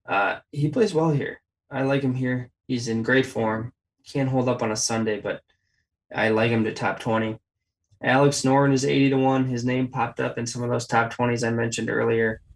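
A man's voice: medium pitch, gravelly, rough recording. A man hosting a casual golf betting chat, rattling off odds and stats. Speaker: golf betting podcast host.

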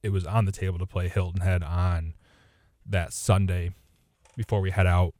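A man's voice: low voice, flat delivery, normal speed, a little mellow, dry recording. A man co-hosting a golf podcast, talking in an easygoing, rambling way and often correcting himself. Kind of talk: casual chat.

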